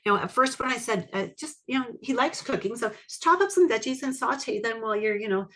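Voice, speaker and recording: An iridology educator teaches a live webinar, walking through a client case and animatedly asking her audience questions. Her voice is fairly high and her pace quick.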